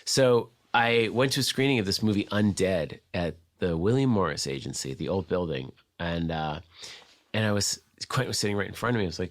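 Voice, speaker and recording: A man, a guest on the show, telling a casual anecdote in a fast, profane storytelling manner. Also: low-pitched, lively intonation.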